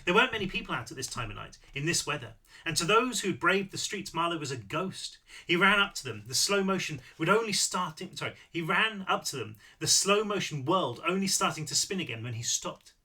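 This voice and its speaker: A man, the author, reading his own novel aloud with lively storytelling and the odd self-correction. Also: high-pitched. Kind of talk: read-aloud narration.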